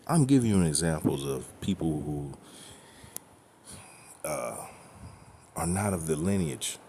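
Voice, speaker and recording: A man's voice: rumbling low, expressive, takes it slowly, vocal fry, dark tone, slight background noise. A man teaching scripture in a blunt, profane, emphatic way, often checking in with "okay?" and "right?". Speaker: religious teacher.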